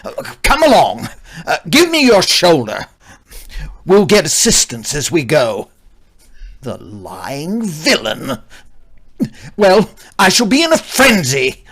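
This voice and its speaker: A woman playing a hot-tempered old gentleman and father, blustering and exclaiming. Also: low voice, huge pitch swings, slow pace, long pauses, breathy edge, full character voice. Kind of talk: stage comedy acting.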